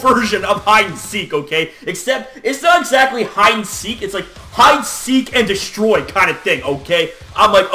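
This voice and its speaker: A man with a very high, bright voice rants through a casual wrestling recap. He talks in lively swings of pitch, swears freely and laughs in disbelief. The sound is roomy and echoey.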